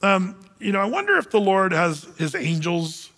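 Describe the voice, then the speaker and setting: A man preaching a sermon, telling the story in a lively way and acting out the characters as he goes. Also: high voice, normal speed, big-room sound. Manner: animated storytelling, acts out characters. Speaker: pastor.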